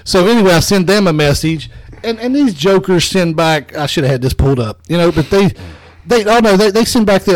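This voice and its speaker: A man co-hosting a podcast, telling a story in casual comedic chat, animated and swearing. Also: sits high, a little fast, no echo. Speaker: podcast co-host.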